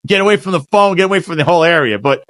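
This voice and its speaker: A man's voice: high-pitched, very fast, fairly bright tone, no echo. A man hosting a podcast interview in a casual, rambling way, often restarting his sentences. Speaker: podcast host.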